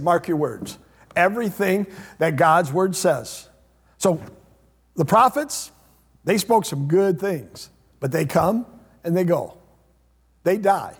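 A man preaching a sermon as pastor, repeating phrases and swinging between loud emphatic lines and hushed low ones. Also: husky. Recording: long hall reverb.

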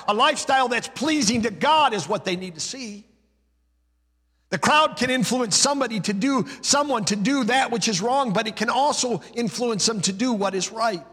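A man's voice: very high voice, bright, forceful tone, breathy edge, in a large hall. A male pastor preaching a sermon, emphatic, building his points through rhythmic repeated lists.

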